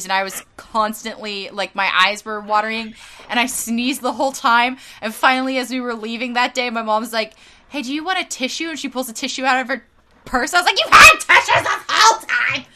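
A young woman from Northern California, co-hosting a podcast and telling a comic everyday story with dramatic, swearing asides. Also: fairly high pitch. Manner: animated, dramatic, swears and laughs often. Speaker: podcast co-host. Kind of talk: casual storytelling chat.

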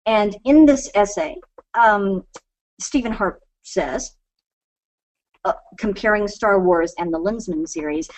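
A woman gives a lecture in an ordinary mid-range voice. She thinks aloud as she talks, often pausing on fillers and starting phrases over before carrying on. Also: medium pitch, a little mellow, low-quality recording. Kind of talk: lecture talk.

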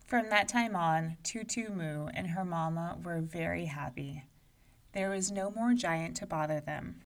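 Slow-paced woman reading a story aloud. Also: fairly low pitch, far from the mic. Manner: expressive, measured storytelling. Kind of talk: read-aloud storybook narration.

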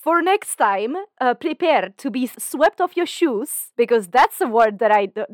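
Giggly, higher-voiced podcast woman. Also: lively intonation, no echo, clean studio sound. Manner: giggly, quick, enthusiastic about words. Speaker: podcast co-host. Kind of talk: casual chat.

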